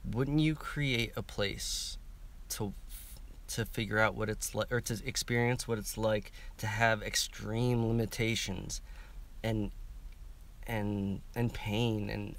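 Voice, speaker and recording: A man in his thirties talking casually on a livestream, halting and repeating himself, swearing often. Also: on the low side, gravelly. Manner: halting, many restarts and swearing. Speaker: livestream participant. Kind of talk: emotional casual livestream talk. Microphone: webcam or phone camera.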